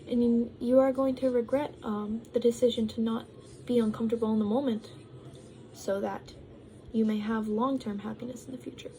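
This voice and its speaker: A woman's voice: on the high side, mellow, a little hiss or hum, low-quality recording. A young woman talking casually to her vlog audience, rambling with lots of ums and likes, sometimes while eating. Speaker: vlogger.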